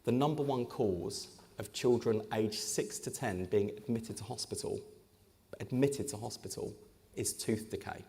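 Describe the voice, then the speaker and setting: A man's voice: fairly low pitch, unhurried, vocal fry, dark tone. A man, an English politician, speaking in a live on-stage conversation with punchy, joking delivery. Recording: echoey hall with long reverb.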